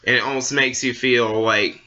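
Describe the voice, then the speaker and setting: A man's voice: mid-range voice, fairly even intonation, normal speed, sharp tone, lo-fi sound. A young man ranting casually to camera as a vlogger, rambling along with many fillers and restarts. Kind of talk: casual opinion rant.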